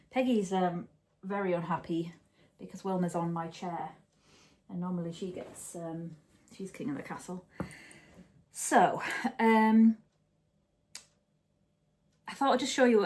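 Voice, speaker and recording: A woman's voice: mid-range voice, darkish tone. A chatty woman talking at home as she hosts a knitting podcast. She rambles, restarts her sentences and corrects herself as she goes. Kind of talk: casual chat.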